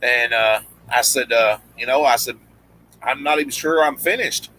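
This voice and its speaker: Casting: man, bright and forward voice, casual rambling storyteller who voices the people in his tales. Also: medium pitch, normal speed, low-quality recording. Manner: rambling, many restarts, acts out quoted lines. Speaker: guest storyteller, former pro wrestler.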